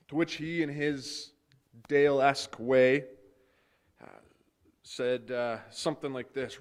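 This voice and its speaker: A man speaking as pastor at a memorial service, telling stories of a friend with light laughter, then leading a hushed prayer. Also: fairly high pitch, fairly even intonation, unhurried, long pauses. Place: funeral service hall.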